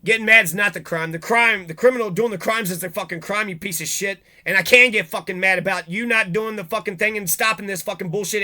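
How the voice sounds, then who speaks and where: Male commentator, high and bright, angry profane monologue host. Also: brisk, few pauses. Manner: profane, heated, swings between reading and ranting.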